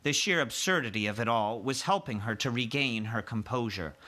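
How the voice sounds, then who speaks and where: A man, a teacher, reading a chapter book aloud to his class and pausing to explain hard words for children. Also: mid-range voice, sharp tone.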